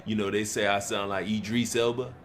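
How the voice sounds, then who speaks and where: A man's voice: fairly low pitch, flat delivery, a little fast, a little hiss or hum, natural voice. A man playing a cashier and then a cop in a comedy skit, teasing the other guy in a mocking, playful way.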